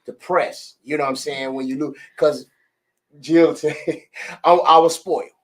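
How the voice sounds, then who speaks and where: A man's voice: on the high side, steady tone, measured pace. A man hosting a church talk show, talking casually, agreeing often and laughing easily. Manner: chatty, frequent affirmations and laughter.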